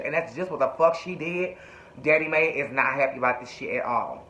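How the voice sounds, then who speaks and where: A man's voice: mid-range voice, a little fast, pushed and bright. A man casually recapping a TV show in a sassy, profane, chatty way. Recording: echoey room, dull lo-fi sound.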